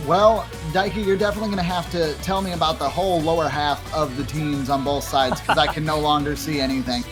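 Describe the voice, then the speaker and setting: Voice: medium pitch, steady tone, fairly quick, over music. An esports caster giving live tournament commentary from a home setup into a desk mic with a pop filter, talking in a chatty, rambling way with laughing asides. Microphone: desk microphone with pop filter.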